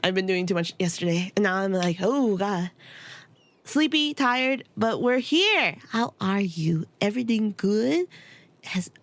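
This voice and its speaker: A young woman streams a game and chats casually, telling stories with lots of giggles and frequent laughter. Her voice is mid-range and a little slow.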